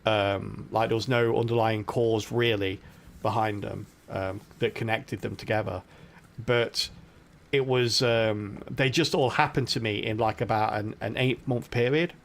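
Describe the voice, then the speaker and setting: Gravelly British man streaming a game. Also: on the low side, steady tone, measured pace, slight background noise. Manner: chatty, laughs often, talks to chat. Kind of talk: casual live-stream commentary.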